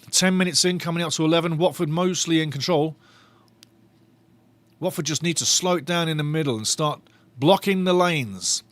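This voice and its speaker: Watching along on a stream as a fan, a man gives excited live match commentary, animated and laughing often as he repeats his phrases. His voice is a little high, with no echo.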